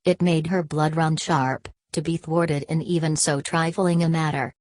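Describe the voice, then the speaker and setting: A woman narrating an audiobook of a classic novel in a steady, measured reading. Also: low-pitched, dry recording. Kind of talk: scripted narration.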